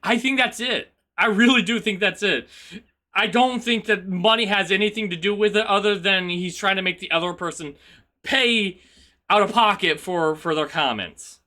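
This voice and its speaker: A man streaming a video game, chatting casually in an animated, rambling, teasing way. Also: high-pitched, normal speed.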